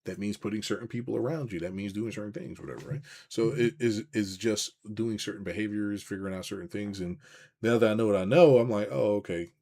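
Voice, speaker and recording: A young man with a fairly low voice talks casually to his live-stream viewers. He rambles, swears freely and keeps restarting his sentences, reading chat comments as he goes. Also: steady tone, fast talker, a little mellow. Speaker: business coach hosting a live stream.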